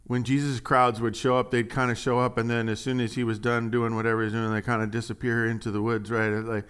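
A man preaching a conversational sermon as pastor, animated and joking, swinging from hushed asides to loud emphasis. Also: medium pitch, brisk, smooth.

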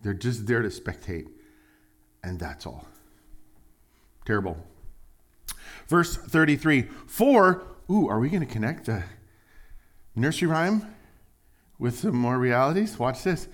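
A man preaching a sermon in an animated way, with loud emphatic bursts and quiet low asides, acting out the voices of the people he quotes. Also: measured pace, long pauses. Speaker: pastor.

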